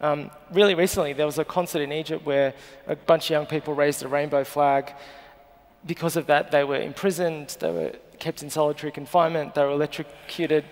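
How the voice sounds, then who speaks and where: On a festival stage, a journalist in his thirties with an Australian accent gives a live interview as a guest, earnest and emotional. He pitches on the high side, keeps his intonation fairly even, and talks fairly quickly, all carried by a long hall reverb.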